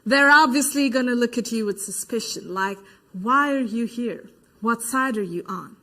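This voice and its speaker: A woman's voice: high-pitched, bright, forceful tone. An actress playing an adult female protester in a verbatim theater monologue, giving eyewitness testimony and acting out the voices she quotes. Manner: vivid retelling that acts out quoted voices. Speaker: stage actor.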